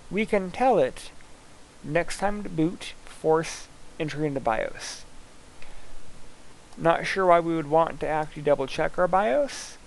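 A man instructor talking casually through a screen-recorded software lab, thinking aloud as he clicks through each step. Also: a little high, lively intonation, measured pace, creaky, rough recording.

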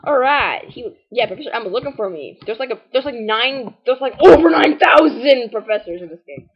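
This woman's voice is fairly high and expressive, moving a little fast, with the upper frequencies cut off. Narrating a game walkthrough as casual let's-play commentary, she wanders sarcastically from point to point, saying "like" and "anyways" again and again.

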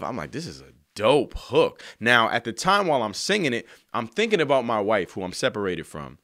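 A man telling an emotional story about writing a song, earnest and slangy, sometimes softly singing lines. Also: mid-range voice, wildly swooping pitch, fairly quick, hardly any pauses, no room sound, clean studio sound. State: choked up. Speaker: songwriter. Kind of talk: heartfelt spoken testimony.

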